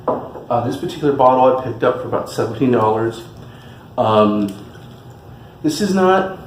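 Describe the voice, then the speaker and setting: A man's voice: medium pitch, a little mellow, slight background noise. A man from California giving an enthusiastic, chatty tasting review as the host of his channel. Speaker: spirits reviewer. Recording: echoey room with faint music.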